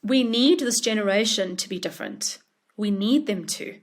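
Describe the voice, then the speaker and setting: A woman who writes children's books, chatting casually in a podcast interview and acting out what others say in a lively voice. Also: mid-range voice, normal speed, a little hiss or hum. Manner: animated, acts out quotes in a lively voice. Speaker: children's book author.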